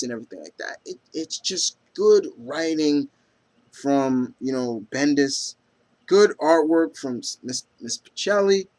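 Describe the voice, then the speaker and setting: A man hosts a casual comic book review vlog at a middle pitch. He rambles, fills gaps with ums and "you know," and stumbles over creators' names. When he reads favorite lines aloud, he gets audibly excited. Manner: reads out comic quotes with enthusiasm.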